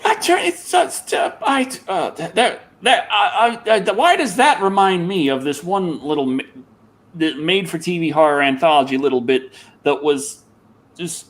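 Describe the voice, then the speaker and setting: A man with a fairly high voice that swings widely up and down hosts a casual online chat show. He rambles and stumbles over restarts, and he speaks over a video call. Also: animated, fairly bright tone. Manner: rambling, halting with restarts and repeated words. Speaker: show host.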